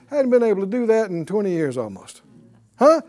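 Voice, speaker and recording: In a broadcast lesson, this Bible teacher keeps things lively and conversational, asking listeners questions and chuckling along the way. Pitch is medium and speed is normal.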